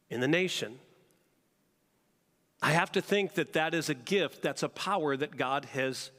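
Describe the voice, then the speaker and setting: A man preaches a sermon as pastor in a church sanctuary, speaking conversationally and putting questions to the congregation. His voice is a little high and fairly bright, echoing in a large hall.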